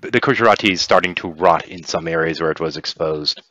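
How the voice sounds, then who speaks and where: A man's voice: low voice, brisk, pushed and bright, no room sound, highs cut off. A man narrating as game master of an online tabletop role-playing game. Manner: narrates, then voices characters in quotes.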